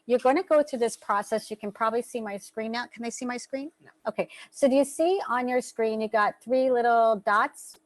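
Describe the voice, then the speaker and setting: A woman's voice: a little high, fairly quick, low-quality recording. A woman hosting an online workshop over a video call, giving casual spoken instructions in a loose, chatty way with the odd swear word. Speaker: workshop host.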